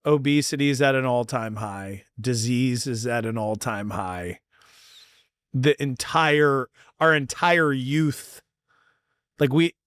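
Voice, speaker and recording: A man's voice: mid-range voice, a bit bright, clean tone, no echo, clean studio sound. Blunt, profane male podcast host. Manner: blunt and profane, fast bursts. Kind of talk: casual chat.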